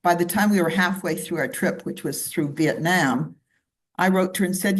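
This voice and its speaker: Speaking on the low side at an ordinary speed, a woman from Canada takes a club audience through a slide presentation. She chats her way through it, dropping in asides and side comments.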